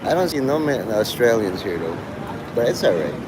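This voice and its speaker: Brief: male streamer, rambling talker, laughs a lot, middle pitch, clear street noise and traffic behind him. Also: sing-song, a little fast. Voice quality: meandering, laughs often between thoughts. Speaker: livestreamer. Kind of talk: rambling live-stream chat.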